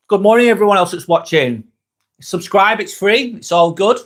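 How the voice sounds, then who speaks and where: Guy doing a live motivational vlog, kinda high voice, blunt and sweary, repeats himself to drive it home. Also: expressive, normal speed, fairly bright tone. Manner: blunt, casual, swears freely, repeats points for emphasis; talks while eating a snack. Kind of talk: live motivational chat reading viewer comments.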